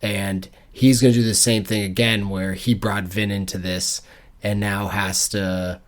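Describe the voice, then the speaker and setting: A man's voice: on the low side, flat delivery, a little slow. A man co-hosting a book club podcast, chatting casually, joking and laughing often. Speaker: podcast co-host.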